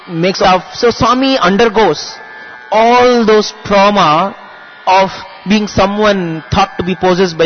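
A man's voice: high voice, lo-fi sound. A man earnestly telling a devotional story. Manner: earnest, shifts into acted voices and chanting.

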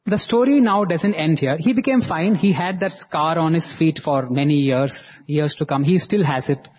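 A man telling a devotional story in an animated way, voicing the people in it. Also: fairly high pitch, normal speed, husky, dull audio.

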